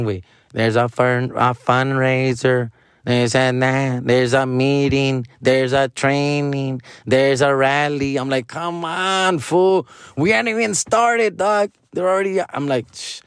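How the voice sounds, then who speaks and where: A man's voice: medium pitch, clear, resonant tone, no echo, studio quality. A man, telling stories in a casual, profane way, tossing in "fool", "dog" and Spanish slang. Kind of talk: casual storytelling chat.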